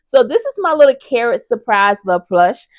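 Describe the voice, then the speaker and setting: A woman's voice: a little high, sing-song, moderate pace, no room sound. A woman vlogger chatting casually about her crochet projects, enthusiastic and talking straight to her viewers. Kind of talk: casual review chat.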